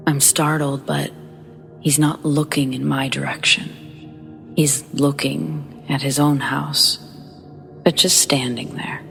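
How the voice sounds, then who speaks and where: A woman narrates a scary story in a low, gravelly voice. She speaks slowly and flatly, keeping a hushed and somber tone. Faint music plays under her.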